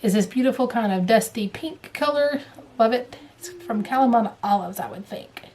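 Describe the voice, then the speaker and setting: A woman's voice: on the high side, animated, moderate pace. Chatty Southern woman showing threads. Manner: rambling, chatty, drifts to hushed murmurs while showing threads. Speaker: cross-stitch vlogger. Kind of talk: casual chat.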